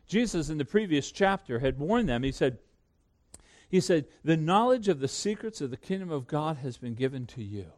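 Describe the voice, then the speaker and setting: Man, pastor, sermon, expressive, fairly high voice, emphatic then hushed. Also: normal speed. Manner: swings from loud emphatic peaks to hushed low asides.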